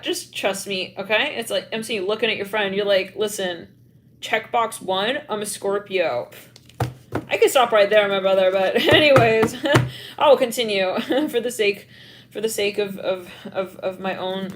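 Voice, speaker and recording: A woman's voice: medium pitch, brisk, a little hiss or hum. A young adult woman doing a live-streamed tarot reading, rambling with lots of "like" and acting out little scenes with giggles. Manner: animated, acts out scenes, giggles often; heavy filler "like", rambling. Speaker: tarot reader.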